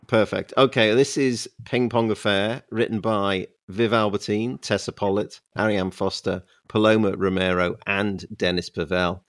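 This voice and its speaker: A man's voice: on the low side, fairly even intonation, moderate pace, hardly any pauses, no room sound, clean studio sound. A man hosting a music podcast, asking conversational questions and introducing tracks. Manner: conversational, asks searching questions. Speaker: podcast host.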